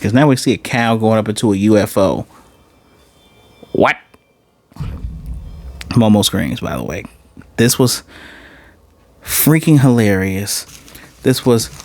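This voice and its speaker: A man casually recapping and reviewing an anime episode, excitable and animated, often jumping into high-pitched voices to retell scenes. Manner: excitable, laughing reactions, restarts.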